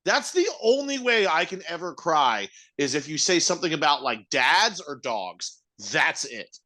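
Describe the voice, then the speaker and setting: A man's voice: a little high, expressive, measured pace, bright, forceful tone. A young man co-hosting a podcast in casual chat, rambling loosely and swearing freely. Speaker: podcast co-host.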